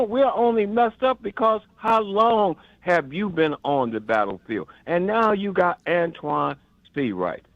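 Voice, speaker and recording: Calling a radio show by phone, an older Chicago-area man rants with passion, rambling, stammering and repeating himself. His slightly high voice is recorded dry on a dull phone line.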